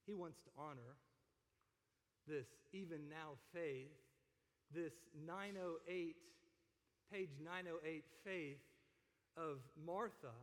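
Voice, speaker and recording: A man preaching a sermon in a casual, joking way, retelling scripture in everyday speech and building to loud emphasis on key points. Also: on the high side, takes it slowly, long pauses, big-room sound. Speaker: pastor.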